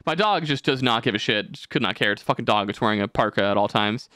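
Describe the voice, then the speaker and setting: A man's voice: lowish voice, fast talker, no room sound, clean studio sound. A young man hosting a casual podcast, rambling and swearing as he tells stories. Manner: animated, swearing, rambling storytelling. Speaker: podcast host.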